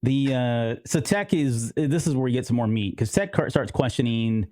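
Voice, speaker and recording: A man's voice: mid-range voice, expressive, moderate pace, mellow, no echo, clean studio sound. A man co-hosting a podcast, rambling casually and often quoting characters in little voices. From United States. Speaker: podcast co-host. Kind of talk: casual chat.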